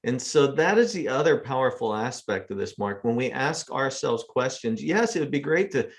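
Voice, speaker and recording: A man's voice: mid-range voice, lively intonation, normal speed. A man hosting a podcast, speaking reflectively in conversation with a guest. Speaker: podcast host.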